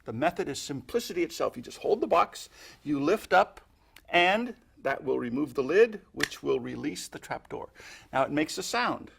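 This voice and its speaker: A man's voice: on the high side, very animated, normal speed, vocal fry, fairly bright tone, breathy edge. A man demonstrating sponge-ball magic step by step, chatty and playful, adding little sound effects as he goes. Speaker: magic instructor. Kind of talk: instructional magic tutorial.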